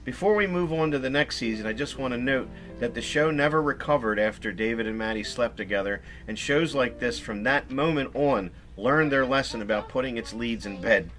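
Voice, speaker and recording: A man narrates a fan-made documentary in a casual, scripted way, with the easy tone of a fan. His voice sits at an ordinary pitch, and soft music plays faintly under it. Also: brisk, hardly any pauses, poor audio.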